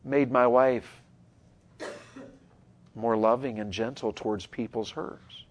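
A middle-aged man, preaching a sermon to young people in an earnest voice that swings from loud urging to hushed tenderness. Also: medium pitch, fairly even intonation, slow pace, long pauses. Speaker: pastor.

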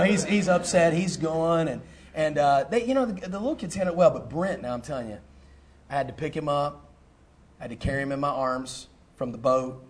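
A middle-aged man, a pastor telling a personal story in a sermon, animated and full of fillers and restarts. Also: fairly high pitch. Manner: animated, repeats himself, lots of fillers.

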